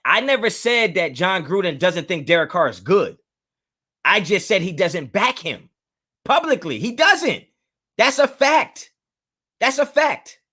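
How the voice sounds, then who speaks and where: A man's voice: high-pitched, sing-song, measured pace, pushed and bright. A young man hosting a live sports fan talk, arguing heatedly with chat and repeating himself to press a point. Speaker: sports talk show host.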